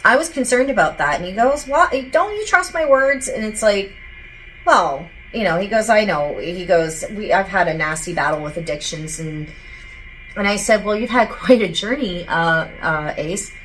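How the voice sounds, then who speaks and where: A woman's voice: on the low side, normal speed, fairly bright tone, a little hiss or hum, poor audio. A woman working as a psychic medium, talking casually and rambling as she relays what a spirit tells her. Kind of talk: casual channeling session.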